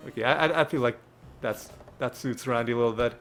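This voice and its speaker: Gravelly man commenting on gameplay. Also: mid-range voice, fast, a bit bright, soft background music. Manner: chatty, laughs often, restarts words. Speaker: gaming channel host. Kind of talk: casual game commentary.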